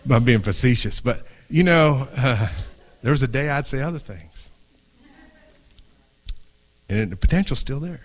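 A middle-aged man preaching an impassioned sermon to a congregation, dropping to a hush and then rising, often restarting phrases. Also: medium pitch, animated, unhurried, pauses often. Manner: earnest, swings from hushed to raised, restarts phrases. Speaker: pastor. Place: church before a congregation.

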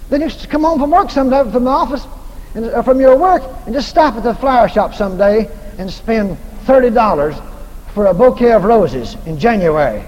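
Male preacher, very high voice, lively, folksy and joking, long hall echo. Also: a little fast, dull audio. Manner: folksy, humorous, repetitive. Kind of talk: sermon. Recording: echoey hall, faint noise.

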